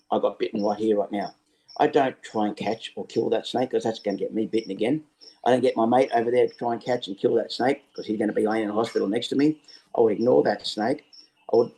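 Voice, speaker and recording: An Australian man, a snake catcher, explaining things over a video call in a lively storytelling way. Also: medium pitch, low-quality recording. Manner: lively storyteller who acts out scenes. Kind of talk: casual explanatory interview talk.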